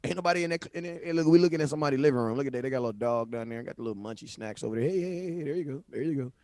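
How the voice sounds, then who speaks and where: A man hosting a livestream, talking sports in a casual, animated, slangy way and often repeating himself. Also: mid-range voice, rapid-fire, no room sound. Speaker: livestream host. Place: home livestream setup. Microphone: phone.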